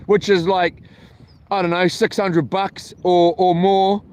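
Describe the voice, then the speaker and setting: A man's voice: high-pitched, flat delivery, takes it slowly, a little mellow, slight background noise. A man telling a meandering story for his camping vlog, full of ums and restarts. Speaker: vlogger. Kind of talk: rambling casual storytelling. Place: camping, near a boat on water.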